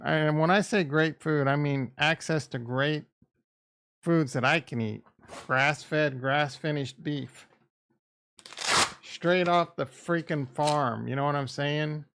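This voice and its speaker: A man's voice: a little high, slow pace, vocal fry, fairly bright tone, clear, resonant tone, dry recording. A middle-aged man hosting a livestream, chatting in a blunt, rambling, crude way. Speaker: livestream host. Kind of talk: casual livestream chat.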